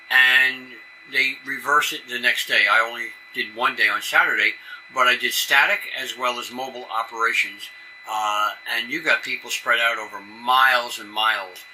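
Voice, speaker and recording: Bright-voiced man with a New York accent. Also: mid-range voice, a little hiss or hum, low-quality recording. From New York City area. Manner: conversational, folksy asides. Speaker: conference presenter. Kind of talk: presentation talk.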